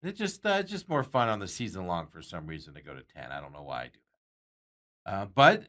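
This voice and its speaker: A man's voice: sits low, sing-song, brisk, bright, forceful tone. A man hosting a sports talk show, chatting casually about bets and reading out viewer comments with frequent chuckles. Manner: rambling, chuckles often, reads out viewer comments. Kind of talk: casual sports betting chat.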